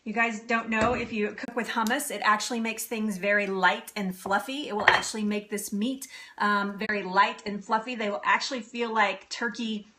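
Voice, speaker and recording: A woman's voice: mid-range voice, steady tone, moderate pace, pushed and bright, a little hiss or hum. A woman in her thirties hosting a live cooking stream from her home kitchen, chatting with viewers and laughing often. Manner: chatty, giggly, answers viewer comments. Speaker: cooking show host.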